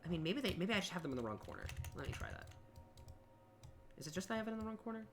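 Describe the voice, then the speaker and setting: A man's voice: high-pitched, very animated, racing. Young man chatting as he builds levels. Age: young adult. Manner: self-deprecating, muttering at his work. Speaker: streamer and level designer. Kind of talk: casual live-stream chat while working. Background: music and keyboard typing.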